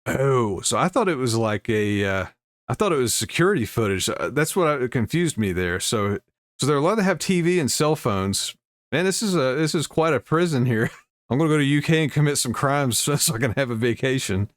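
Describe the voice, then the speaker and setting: A man's voice: medium pitch, expressive, fairly quick. A man hosting a casual commentary video, reading news aloud and adding wry asides with frequent chuckles. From United States.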